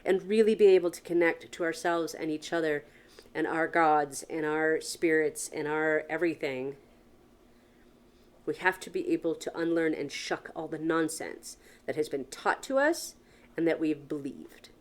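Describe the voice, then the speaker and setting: Woman podcast host with a slightly low voice, earnest and blunt, working through big questions in a solo monologue. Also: moderate pace. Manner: earnest, questioning, speaks frankly with casual swearing.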